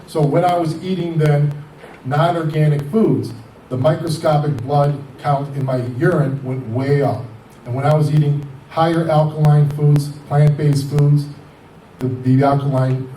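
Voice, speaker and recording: A man's voice: mid-range voice, dark tone, echoey room, far from the mic, slight background noise, low-quality recording. A man in his fifties telling his own story in a rambling, conversational way, retelling conversations as "I says" and "he goes.". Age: 50s. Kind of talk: personal testimony.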